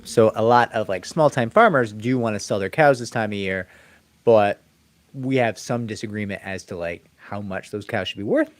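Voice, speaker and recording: A man's voice: on the low side, normal speed. A man, an employment attorney, casually answering viewer questions on a livestream in a loose, conversational way. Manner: conversational, loose, with frequent "like" and "right?"; reads viewer comments aloud, then answers them. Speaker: employment attorney hosting a live Q&A.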